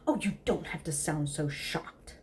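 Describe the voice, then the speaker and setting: A woman's voice: sits low, animated, unhurried, a little mellow, slight background noise. A woman voicing a flustered, prim male angel who is fussy and easily offended, with a huffy, fluttery way of speaking.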